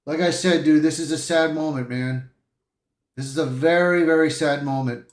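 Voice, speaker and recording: A man's voice: fairly high pitch, steady tone, normal speed, reverberant. A man hosting a live-stream reaction, talking emotionally and emphatically and repeating himself. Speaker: channel host.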